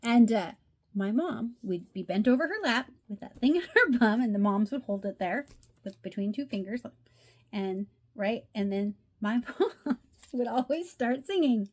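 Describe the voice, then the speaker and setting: A chatty middle-aged woman with a slightly high voice hosts a craft video. She gushes over each card in a relaxed show-and-tell way. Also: measured pace. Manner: gushing, chatty, says "love" a lot. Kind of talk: casual show-and-tell chat.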